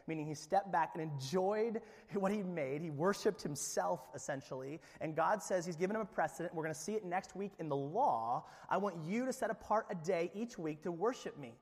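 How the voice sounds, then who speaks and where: A male pastor preaching a sermon, dropping to a hush and then rising loud as he acts out the voices of the story. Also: fairly high pitch, long reverb tail. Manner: animated preaching, swings from hushed to loud, acts out biblical voices.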